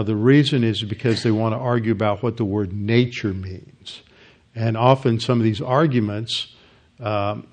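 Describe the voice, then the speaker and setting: Pastor guy teaching scripture, mid pitch, explains things, stops and restarts a lot. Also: a little mellow. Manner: explanatory, halting with frequent restarts. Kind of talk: Bible teaching sermon.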